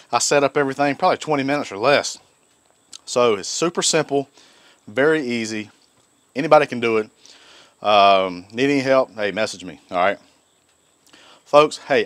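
A man's voice: medium pitch, brisk, long pauses, a bit bright, no room sound. A man hosting a casual cooking vlog, folksy and enthusiastic. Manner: folksy and enthusiastic, Southern phrasing. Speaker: cooking channel host. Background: griddle sizzling.

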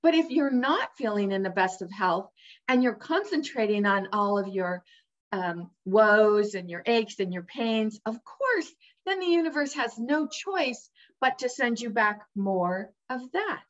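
A woman with a fairly high voice gives an emphatic, upbeat motivational talk, speaking straight to the listener as a coach would. The recording is somewhat dull and lo-fi. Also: animated, a little slow. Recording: dull lo-fi sound.

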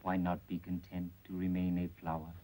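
An actor playing a watchful male agent who speaks stilted, broken English in formal proverbs, calm and sly, in 1930s film acting. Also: low voice, moderate pace, poor audio.

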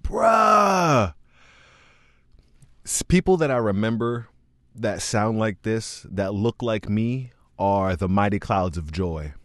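Male reaction host, excitable and slangy, low voice, slow delivery, dry close sound. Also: no room sound. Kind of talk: casual reaction commentary.

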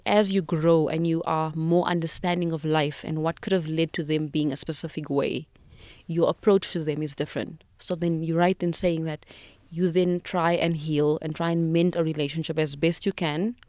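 A South African woman in her thirties, her voice lowish and a little mellow, appears as a podcast guest telling an emotional, reflective personal story and often restarting her sentences. The recording is dry, close to the mic, with no echo.

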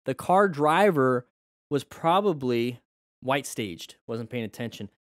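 A man's voice: mid-range voice, expressive, slow pace, no room sound. A man and riding instructor giving casual, joking commentary over motorcycle videos and talking straight to his viewers.

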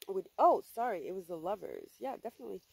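A woman's voice: mid-range voice, huge pitch swings, quick pace, gravelly, warm tone, slightly rough, dry recording, low-quality recording. A woman giving a casual tarot reading for viewers, blunt and emphatic, swearing freely and repeating herself for stress. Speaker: tarot reader.

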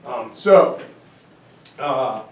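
A man teaching a history class in a lively, joking way, acting out quotes as he goes. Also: medium pitch, drawn-out words, muffled recording. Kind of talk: classroom lecture. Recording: echoey room from far off.

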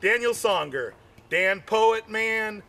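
Taking it slowly, the man keeps rambling through his stand-up set, repeating lines and relying on "you know." Whenever he gets excited, his voice shoots higher.

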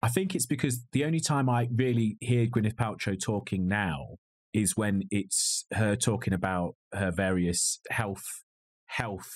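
A lowish, slightly mellow male voice moving at a moderate pace. He co-hosts a podcast, reviewing a film in casual chat that's wry, jokey and rambling, over slightly glitchy video call audio.

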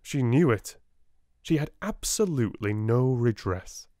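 A man with a British accent reading a classic novel aloud in a gentle, soft-spoken audiobook style. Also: mid-range voice, expressive, a little slow, no room sound, studio quality. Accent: British English. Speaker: audiobook reader.

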